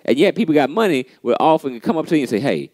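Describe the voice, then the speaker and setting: A man hosts a motivational church pep talk, animated and preachy, often saying "man" and repeating key lines for emphasis with a playfully sarcastic edge. His voice is on the high side and racing, and the recording is dry.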